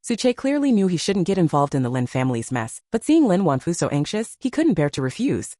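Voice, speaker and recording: A woman's voice: on the low side, very animated, a little fast, dark tone, no room sound, studio quality. Woman reading a romance novel aloud. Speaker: narrator. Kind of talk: scripted narration of a romance novel.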